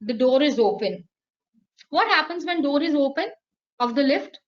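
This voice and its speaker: Woman, high voice, lively online lecturer, slightly muffled recording. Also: moderate pace. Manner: lively, playful, acts out sounds and voices. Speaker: teacher trainer.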